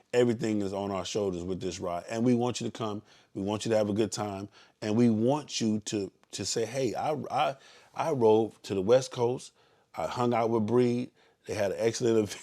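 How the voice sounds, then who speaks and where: Blunt, fiery Southern ride leader. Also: male voice, on the low side. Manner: blunt, preachy, swings into loud yelling. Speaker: motorcycle club ride leader. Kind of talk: casual live-stream briefing.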